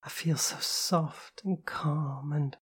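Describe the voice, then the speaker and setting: A woman reading an audiobook, voicing a shy, emotional young woman in a soft, hesitant, breathy way. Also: low-pitched, fairly even intonation, takes it slowly, heavily acted. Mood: whispered.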